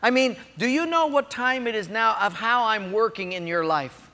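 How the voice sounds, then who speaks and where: A preacher voicing God as a patient, gently probing male voice, speaking softly and low. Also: moderate pace, big-room sound. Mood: gentle.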